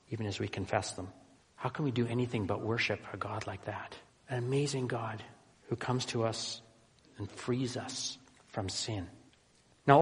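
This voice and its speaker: A man preaching a sermon as pastor, emphatic, slowing down on key phrases and swinging between loud and hushed. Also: mid-range voice. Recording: long hall reverb.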